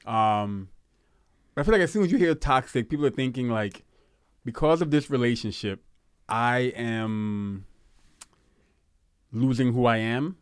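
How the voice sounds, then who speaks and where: A man with a lisp leads a relaxed group conversation at a middle pitch. He often stumbles and repeats words as he gropes for phrasing, and his voice sits dry and close with no room around it. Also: unhurried, long pauses, smooth, no echo. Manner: laughs easily, repeats words while searching for phrasing. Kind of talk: casual group chat.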